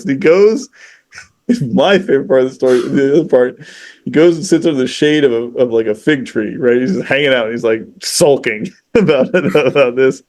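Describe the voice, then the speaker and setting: A man in casual podcast conversation, retelling a story in a lively, profane way, peppered with "you know" and "like.". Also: mid-range voice, moderate pace. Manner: animated, profane, acts out quoted characters; frequent fillers like "you know" and "like". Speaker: podcast guest.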